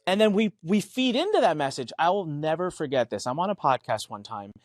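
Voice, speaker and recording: A man's voice: a little high, very animated, a little fast, dry recording, clean studio sound. A man co-hosting a business podcast, telling stories emphatically, acting out quoted dialogue and swearing casually. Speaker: podcast co-host. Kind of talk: animated business podcast chat.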